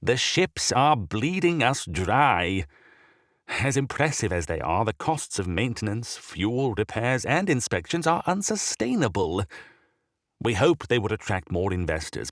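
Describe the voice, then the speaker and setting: Sickly old bishop, raspy and loud, slow heavy growl, put on by a male narrator; storybook reading, dry close sound. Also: lowish voice, very animated, dry recording, pitched above the performer's own voice, heavily acted. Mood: grave, weary.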